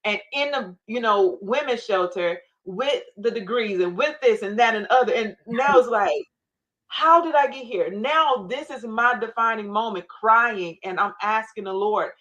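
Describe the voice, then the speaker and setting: A woman speaking as a guest on a faith talk show, telling her story with emphatic, animated retellings. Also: a little high, measured pace, dull audio. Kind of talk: faith-based interview storytelling.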